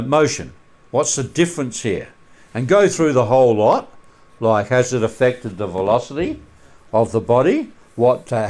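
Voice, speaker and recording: A man teaching a maths lesson over a screencast in a relaxed way, with many filler sounds and questions put to the students. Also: medium pitch.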